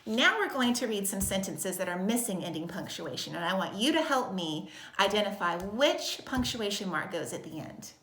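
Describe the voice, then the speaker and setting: A woman teaching a recorded kindergarten lesson in a slow, sing-song voice with exaggerated expression. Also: medium pitch, big pitch swings, a bit bright, reverberant. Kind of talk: recorded video lesson for young children.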